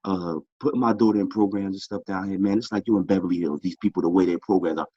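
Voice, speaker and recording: A man's voice: sits low, quick pace, husky, no room sound, muffled recording. A middle-aged man, a boxing club founder, talking casually as a tired interview guest and rambling through many fillers. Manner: relaxed, rambling with many "you know" fillers. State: tired, short on sleep.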